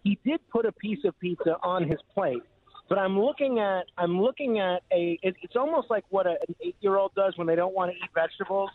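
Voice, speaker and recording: A man's voice: high voice, a little fast, no room sound. A man producing a radio show, chatting casually in a wry, teasing manner. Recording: dry tinny phone line.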